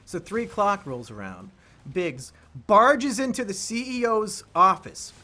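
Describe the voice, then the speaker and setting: A man with a high, bright voice chats casually with a friend during a video game. He tells stories with big swings of pitch, breaking into shouted impressions and laughter. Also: measured pace. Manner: animated storyteller, bursts into shouted impressions and laughter. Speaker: let's play co-host. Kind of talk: casual chat while playing a game.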